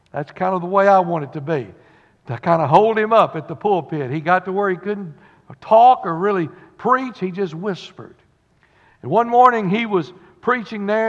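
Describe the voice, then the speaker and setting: A man, a pastor preaching a sermon to his congregation in a folksy, conversational way. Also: high-pitched. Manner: folksy preaching with Southern turns of phrase. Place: church sanctuary. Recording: dull sound in a long-reverb sanctuary.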